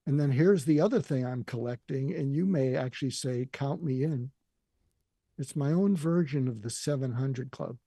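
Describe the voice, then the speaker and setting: Older man, gravelly, husky, dark mellow tone, dry close sound, earnest emotional storytelling. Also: medium pitch, moderate pace, dry recording. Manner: earnest, emotional, quotes others' words. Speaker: guest. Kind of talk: reflective personal storytelling.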